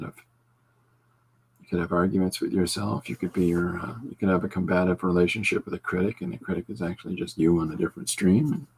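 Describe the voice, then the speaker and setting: A man's voice: low-pitched, creaky, slight background noise. A man hosting a podcast, chatting casually while he draws, rambling with dry, self-deprecating humor. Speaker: podcast host and comic artist.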